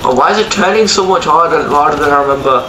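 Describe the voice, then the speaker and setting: A man's voice: fairly high pitch, fast. Young guy, chatty slangy gameplay commentary, roomy echo, background noise. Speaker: gaming YouTuber. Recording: echoey room with background noise.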